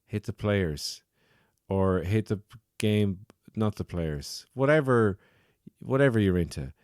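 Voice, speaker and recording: A podcast host with a very low voice, riffing through a sardonic, rambling comic monologue. His bits build into absurdity in a loose, offhand way. The recording is dry and close. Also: slow, darkish tone, no echo.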